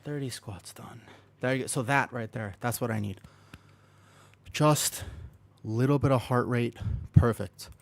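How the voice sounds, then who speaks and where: A man livestreaming a game, chatting casually and playfully with viewers while keeping his voice quiet to rest a sore throat, close to his desk microphone. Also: medium pitch, a little slow, vocal fry. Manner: playful, chatty, talks to chat by name. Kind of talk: casual chat while gaming.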